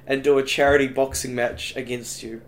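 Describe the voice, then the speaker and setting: A man's voice: medium pitch, little pitch movement, fairly quick. A young man co-hosting a casual podcast, swearing often and laughing while telling stories. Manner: swearing, laughing, slangy storytelling. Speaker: podcast co-host.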